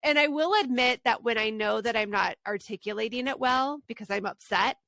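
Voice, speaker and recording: A woman co-hosting a parenting podcast, telling stories in an animated, self-mocking way. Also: fairly high pitch, fairly quick, creaky, no echo, clean studio sound. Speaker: podcast co-host. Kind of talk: casual podcast storytelling.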